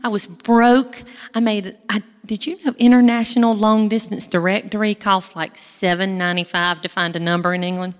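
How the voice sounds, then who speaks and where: A woman's voice: medium pitch, level tone, moderate pace. Folksy woman giving a testimony. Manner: folksy, chatty, addresses the audience directly. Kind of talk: church testimony to an audience. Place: large hall, speaking from a stage. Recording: echoey hall with long reverb.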